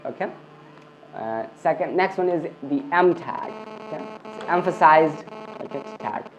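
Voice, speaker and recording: A man's voice: on the high side, sing-song, measured pace. Guy teaching html on a screencast, keeps saying okay and i mean, restarts a lot, muffled lo-fi sound with a faint hiss. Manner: peppers speech with "okay" and "I mean", restarts often. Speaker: coding tutor. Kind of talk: screencast coding lesson. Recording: dull lo-fi recording.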